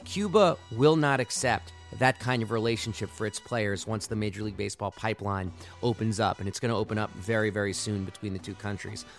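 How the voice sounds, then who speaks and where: A man's voice: lowish voice, a little fast, hardly any pauses, faint music behind. A man hosting a sports podcast, delivering impassioned, argumentative solo commentary.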